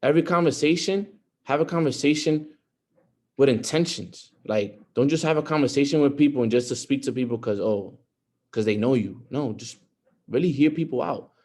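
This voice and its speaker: A man's voice: medium pitch, normal speed, darkish tone. A young man giving an earnest motivational talk on a group call, repeating his points and growing emphatic. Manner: earnest, repetitive, rising to emphatic.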